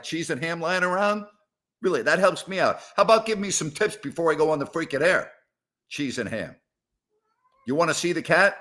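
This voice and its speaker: Exasperated middle-aged sports talk host. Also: male voice, medium pitch, fairly bright tone. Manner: exasperated, rambling, sarcastic. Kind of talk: live call-in show chat. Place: house, indoors.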